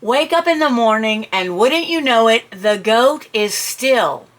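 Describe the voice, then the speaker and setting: A middle-aged woman tells a personal story in a chatty, animated way, full of asides. Her voice sits a little high and rings bright and clear. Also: a little slow. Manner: animated, jumps high and shouts when quoting her own panic. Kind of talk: personal anecdote told to listeners.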